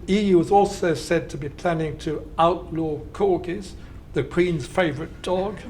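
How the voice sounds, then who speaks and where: A man reads his keynote lecture from a script, his voice sitting a little high for a man. He slows down and leans on the quotes, then drops into dry asides. Faint noise hums under the lecture hall. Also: darkish tone. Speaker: keynote speaker. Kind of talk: academic lecture read from a script.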